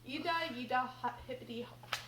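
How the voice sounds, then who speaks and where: A woman's voice: high voice, a little fast, noisy background. A girl reading a silly picture book aloud at home, playful and stumbling over hard words, with chatty asides. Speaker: reader.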